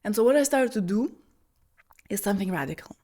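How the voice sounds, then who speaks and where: A woman telling a personal story as a spiritual teacher, shifting between soft breathy asides and bright, emphatic bursts over a video call. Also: medium pitch, animated, brisk. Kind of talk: personal storytelling talk on feminine energy.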